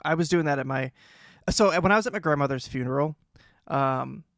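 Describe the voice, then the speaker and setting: A young man co-hosting a podcast, telling stories in a lively way and laughing often. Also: a little high, fairly quick, no room sound, clean studio sound. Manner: animated storytelling with laughs. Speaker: podcast co-host. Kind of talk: casual chat.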